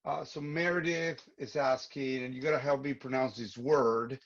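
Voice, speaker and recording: A man with a gravelly voice reads audience questions aloud as moderator, hesitating now and then. His sound is dull and lo-fi, as over a video call. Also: medium pitch, fairly even intonation, normal speed.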